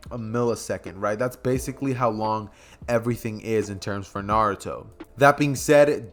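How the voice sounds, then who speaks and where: Chatty rambling male storyteller. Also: medium pitch. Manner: rambling, filler-heavy, chatty. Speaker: YouTube storyteller. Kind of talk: casual fan-story narration.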